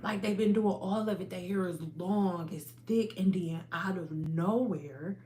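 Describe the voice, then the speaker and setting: A woman hosting a hair care livestream from home, talking to her viewers in a casual, animated and emphatic way. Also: lowish voice, unhurried.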